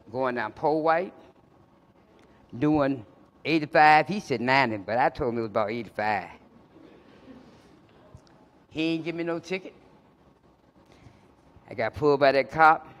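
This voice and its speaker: High-voiced man telling stories. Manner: animated storyteller acting out both sides of the dialogue; colloquial, laughing through his stories. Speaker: recovery speaker. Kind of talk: storytelling talk to a live audience. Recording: echoey hall reverb.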